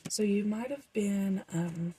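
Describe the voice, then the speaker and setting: A woman's voice: mid-range voice, slow pace, mellow, breathy edge, low-quality recording. A young woman doing a casual, rambling tarot reading for her viewers, with frequent fillers. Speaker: tarot reader.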